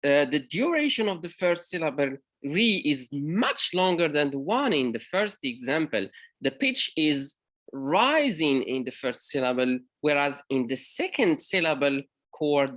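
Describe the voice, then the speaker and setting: A man from Morocco, a university lecturer, giving an academic conference presentation in a halting way, with frequent pauses and self-corrections. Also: fairly high pitch, lively intonation, fairly bright tone.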